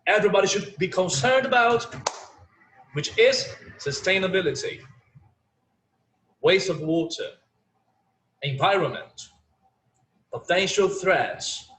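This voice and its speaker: A man's voice: high-pitched, animated, slow pace, pauses often, a bit bright. A man teaching an online English class, native Portuguese speaker, chatty and full of "like" and "you know". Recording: echoey room with faint ambience.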